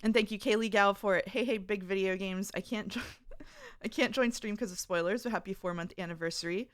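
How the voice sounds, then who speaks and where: A woman streamer with a medium-pitched voice talks a little fast. In a casual live-stream chat, she reads her viewers' messages aloud, chatting away and giggling often.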